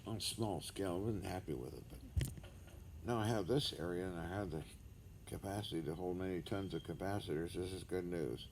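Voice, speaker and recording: A man's voice: sits low, brisk. An older man talking to camera in a rambling, blunt, sometimes profane monologue. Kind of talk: rambling casual vlog monologue. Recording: noisy background hiss.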